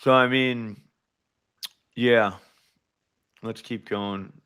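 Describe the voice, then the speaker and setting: A man hosting a live sports betting show, explaining his picks in fast, animated casual talk full of filler words. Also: mid-range voice, clean tone.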